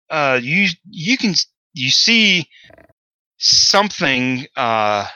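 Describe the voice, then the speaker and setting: A man's voice: mid-range voice, bright, forceful tone, no room sound, poor audio. A man narrating as game master of a tabletop game, hesitant and full of fillers.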